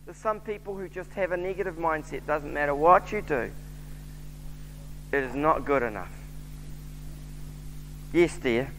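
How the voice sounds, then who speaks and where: A man's voice: a little high, a little slow, pauses often, a bit bright, slight background noise. A man with a New Zealand accent preaching a sermon, telling a story and voicing its characters. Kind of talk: sermon with anecdote. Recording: church hall reverb.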